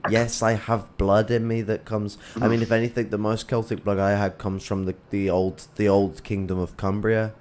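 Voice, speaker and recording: Low-ish English man, blunt, sweary chat, faint hiss behind. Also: little pitch movement, darkish tone. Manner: blunt, sweary, halting restarts. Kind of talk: casual political discussion.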